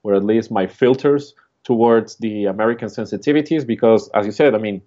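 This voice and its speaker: A man's voice: on the low side, fairly quick, mellow. A man from Chile with a Chilean Spanish accent, co-hosting a casual chat, reflective and rambling with lots of fillers. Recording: dull lo-fi recording.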